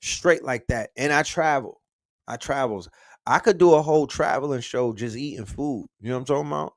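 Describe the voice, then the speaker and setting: A man hosting a casual livestream, talking in slang and shouting out the cities his viewers are watching from. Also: medium pitch, brisk, no echo, studio quality. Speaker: livestream host.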